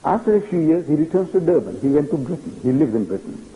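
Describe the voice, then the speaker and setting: An older man, giving an animated public religious lecture and telling stories with acted-out dialogue. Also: on the high side, fast talker, highs cut off, a little hiss or hum. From South Africa. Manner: animated storytelling, acting out dialogue. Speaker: preacher.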